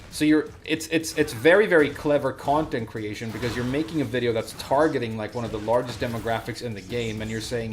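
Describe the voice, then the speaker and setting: A man's voice: medium pitch, brisk, hardly any pauses, soft background music. A man streaming a fighting game, chatting casually with rambling asides and plenty of fillers. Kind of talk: casual gameplay commentary.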